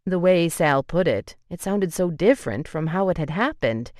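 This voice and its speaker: Low-voiced, emotive woman audiobook narrator. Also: animated, moderate pace, darkish tone, no echo, clean studio sound. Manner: emotive, acts out the heroine's tearful lines.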